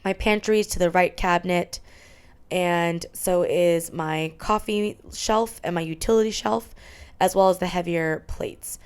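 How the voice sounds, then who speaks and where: A young adult woman vlogger gives a tour of her small apartment, chatting candidly as she lists her belongings. Her voice is lowish and clean, and she keeps a measured pace.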